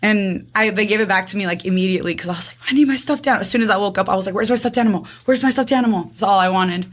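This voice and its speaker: Speaking fast in a mid-range voice, this twentysomething guest recounts something that happened to her in a laid-back conversation. She's animated, voices each person's dialogue herself, and peppers her speech with "like."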